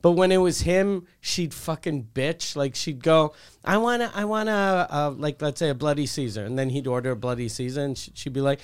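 A man's voice: on the high side, fairly quick, clear, resonant tone. A man co-hosting a comedy podcast, telling crude stories in casual chat and acting out the people in them. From Quebec, Canada. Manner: crude storytelling, acts out the people in his stories. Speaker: podcast co-host.

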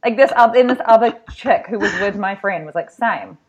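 In muffled audio, a young woman co-hosting a podcast acts out people's lines while animatedly telling stories in casual conversation. Her pitch is medium and her pace moderate.

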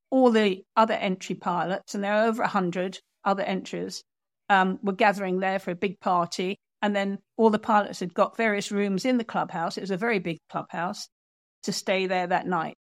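Lively woman telling a story. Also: mid-range voice, moderate pace, no room sound. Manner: lively storyteller, acting out quotes. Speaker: author and guest. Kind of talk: storytelling in an interview.

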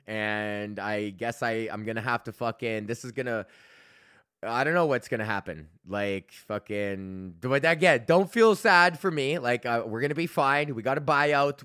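A man's voice: medium pitch, fairly bright tone, clear, resonant tone, no room sound, studio quality. A man in his thirties hosting a podcast, rambling in a casual solo rant with heavy swearing and many fillers. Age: 30s. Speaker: podcast host.

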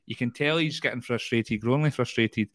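A Scottish man hosts a laid-back football chat on a close, dry mic with no room sound. His pitch sits mid-range, and he rambles and repeats words as he works his way to a point. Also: brisk, fairly bright tone, no echo. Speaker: podcast host.

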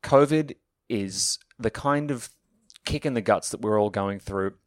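A young man talks quickly and with lots of enthusiasm, slipping in jokes as he goes. His voice sits at an average pitch, and the recording is dry and close. It sounds like a casual podcast chat. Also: dry recording. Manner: chatty, enthusiastic, jokey. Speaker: podcast co-host and author.

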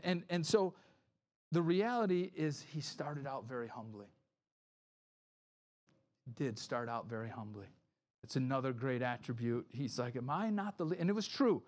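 With a voice on the higher side, a male pastor gives a sermon that feels like conversation, restarting sentences, tossing in "right?" again and again, and voicing the people he quotes.

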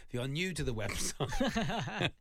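A man's voice: on the high side, big pitch swings, a little slow, a bit bright, slight background noise. A man co-hosting a casual podcast chat, joking around and laughing often. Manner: jokey, laughs often, tries silly impressions. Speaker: podcast co-host.

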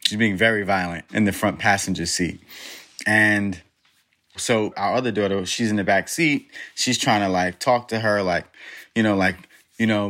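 A middle-aged man telling an animated, self-deprecating story, full of fillers. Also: fairly low pitch, normal speed. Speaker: father recounting a birth. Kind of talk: storytelling interview.

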